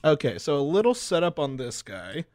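A man's voice: fairly high pitch, very animated, normal speed, a little mellow, dry recording, clean studio sound. A man co-hosting a podcast, setting up clips in a playful, teasing way. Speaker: podcast co-host, producer. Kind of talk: casual podcast chat.

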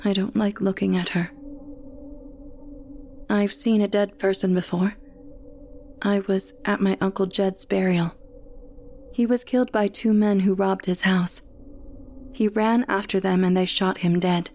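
A woman reading a horror story aloud as the narrator, in a slow, hushed storytelling manner. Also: mid-range voice, fairly even intonation.

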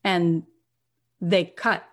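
A woman telling an inspirational success story, animated, acting out the people in it. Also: lowish voice, extremely slow. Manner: animated retelling with acted quotes, rising intensity. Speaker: motivational speaker.

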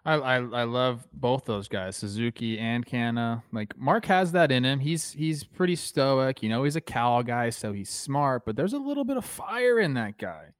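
A man's voice: medium pitch, animated, normal speed, few pauses, clear, resonant tone, no echo, clean studio sound. Chatty man talking baseball. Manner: loose and chatty, repeats words. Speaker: podcast co-host. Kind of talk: casual sports chat.

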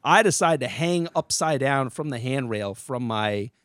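A man's voice: medium pitch, expressive, unhurried, a bit bright, no room sound. Man, podcast guest, casual chat, rambling swearing anecdotes, dry close sound.

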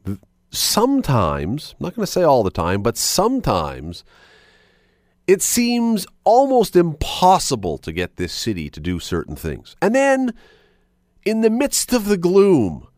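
Male radio talk host, rambling, self-correcting, lively delivery, dry close studio sound. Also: a little high, a little slow, dry recording. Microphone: studio microphone.

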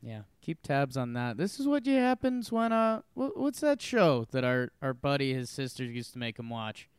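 A man's voice: mid-range voice, very animated, moderate pace, smooth, dry recording. A man co-hosting a podcast, chatting casually with wry, short replies. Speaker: podcast co-host. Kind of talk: casual comedic chat.

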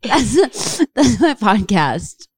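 A woman's voice: a little high, sing-song, very slow, breathy edge, no room sound. Giggly rambling woman hosting a podcast. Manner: giggly, rambling, lots of fillers. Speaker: podcast host. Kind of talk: casual podcast chat.

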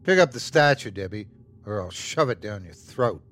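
A man's voice: lowish voice, animated, normal speed, fairly bright tone. A man putting on a menacing, domineering gunman. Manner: commanding, threatening.

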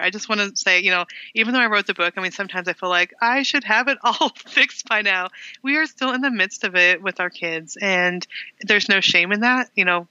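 A middle-aged woman speaks as a guest author, earnest and often laughing between phrases. Her tone is very bright and dry, close to the mic. The recording sounds a little dull and lo-fi. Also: mid-range voice, no room sound. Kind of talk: casual interview chat.

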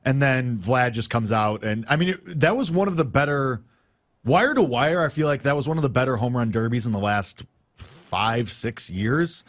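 Relaxed, self-deprecating male co-host. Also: medium pitch, normal speed. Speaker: sports betting podcast co-host. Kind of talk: casual sports betting chat.

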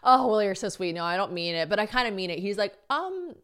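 A young adult woman hosting a solo podcast, telling stories in a chatty, animated way, acting out quoted dialogue and swearing casually. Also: mid-range voice, quick pace, clear, resonant tone. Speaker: podcast host.

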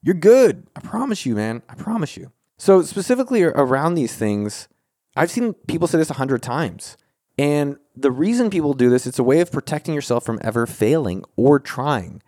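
Animated joking male podcast host. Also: medium pitch, normal speed, dry recording, clean studio sound. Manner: animated, joking, swears, pep-talk tone. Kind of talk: casual advice podcast.

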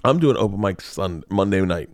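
A man's voice: deep voice, animated, moderate pace, no room sound. A man hosting a podcast, telling a rambling story in casual chat, swearing and laughing often. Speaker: podcast host and comedian.

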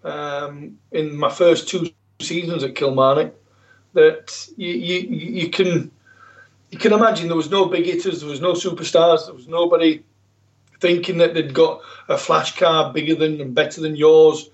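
A man's voice: fairly high pitch, steady tone, moderate pace, dull audio. A man with a South Yorkshire accent, a former footballer chatting in an interview, good-humoured and often repeating words. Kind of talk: casual interview chat.

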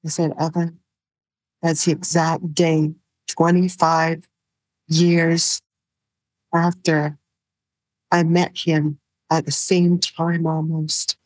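Low, flat-voiced woman telling her story. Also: no room sound, low-quality recording. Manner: soft-spoken, halting, many fillers. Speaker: guest, survivor sharing her story. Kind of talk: personal storytelling in an interview.

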